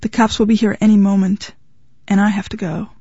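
A blunt, cool-headed wife with a flat, impatient way of talking, as a woman reading the story gives her voice. The audio is a little dull and completely dry. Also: mid-range voice, a little fast, breathy edge, no room sound, close to an everyday voice.

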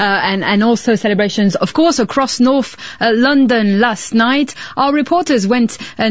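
A woman presenting live news, linking between reports in a smooth, conversational way. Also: mid-range voice, dry recording, highs cut off.

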